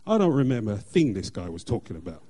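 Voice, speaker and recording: A middle-aged man tells a faith testimony in a very dark, mellow voice. He speaks earnestly, pausing and restarting often as he goes. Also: on the low side, very animated. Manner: earnest, halting with frequent fillers and restarts. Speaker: church member sharing testimony. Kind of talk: personal testimony.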